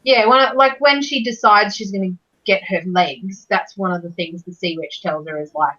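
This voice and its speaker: A woman's voice: medium pitch, normal speed, few pauses, sharp tone. A woman co-hosting a casual book discussion, rambling and searching for her words. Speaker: book club co-host. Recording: dull, lo-fi mic.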